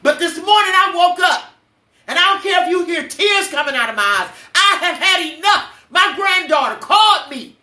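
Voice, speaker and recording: A woman's voice: very high voice, animated, normal speed, sharp tone, far from the mic. Blunt older woman in an echoey room. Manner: blunt, preachy storytelling with cursing. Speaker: podcast host. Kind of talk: emotional personal monologue.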